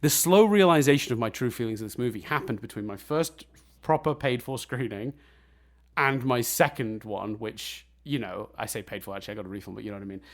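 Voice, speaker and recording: A man co-hosting a casual film review podcast, animated and blunt, swearing and laughing often. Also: mid-range voice, fairly quick. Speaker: podcast co-host.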